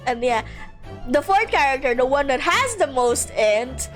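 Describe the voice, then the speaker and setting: A chatty woman streamer giggles and banters casually with her friends while she plays. Her voice is high and bouncy. Game music plays behind her. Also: very animated, unhurried, a bit bright.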